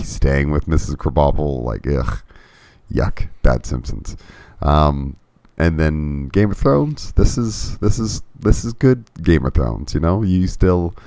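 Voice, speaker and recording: A man co-hosting a podcast in casual chat, relaxed and wry. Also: extremely low pitch, vocal fry, no room sound. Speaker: podcast co-host.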